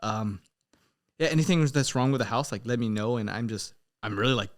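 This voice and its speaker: A young man hosting a podcast in casual chat, swearing freely and laughing loudly as he tells stories. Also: medium pitch, brisk. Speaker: podcast host.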